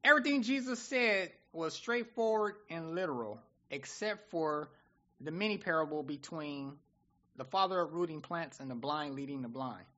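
Male preacher, fairly high, bright voice, lively chatty sermon delivery. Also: moderate pace, muffled recording. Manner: animated, conversational, acts out voices of people.

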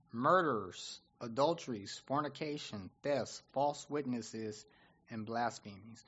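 A man preaching a sermon in an animated, conversational way, often acting out what people say. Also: medium pitch, slow pace, husky, muffled recording.

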